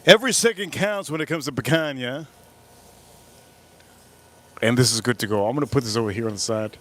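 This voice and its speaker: A man's voice: mid-range voice, brisk, fairly bright tone. A man hosting a casual live stream while cooking at a grill, talking bluntly and swearing as he gets frustrated. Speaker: livestream host cooking and drinking.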